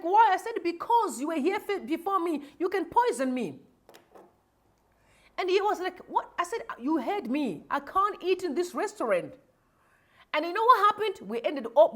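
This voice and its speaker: Zimbabwean lady ranting with passion, high voice jumping all over. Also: fairly bright tone. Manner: emotional, preachy, switches into Shona. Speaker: show host. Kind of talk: impassioned commentary.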